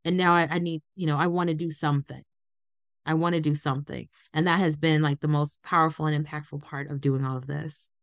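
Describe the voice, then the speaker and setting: Animated, smooth-voiced woman telling her story. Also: sits low, fairly quick, no echo, studio quality. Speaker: guest, entrepreneur. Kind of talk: conversational interview storytelling.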